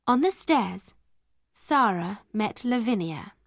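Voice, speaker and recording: Storybook narrator: a woman, slow and deliberate, dry close sound. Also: mid-range voice, expressive, dry recording. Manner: clear and deliberate.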